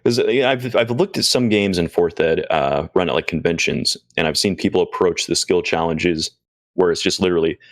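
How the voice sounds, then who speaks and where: A man's voice: sits low, fairly quick, no echo, studio quality. A man co-hosting a casual discussion who keeps acting out what players and game masters say. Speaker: podcast co-host.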